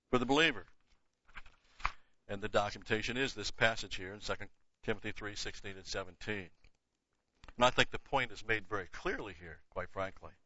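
An older man gives an emphatic Bible teaching lecture, repeating key words and tossing in casual asides. His voice is fairly low and sharp in tone, captured in a dull, lo-fi, dry recording with no room sound.

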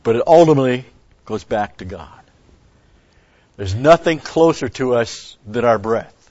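A man's voice: medium pitch, lively intonation, a little slow, darkish tone, no echo. A man giving a rambling Bible teaching, stressing key words and restarting his sentences. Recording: dull lo-fi recording.

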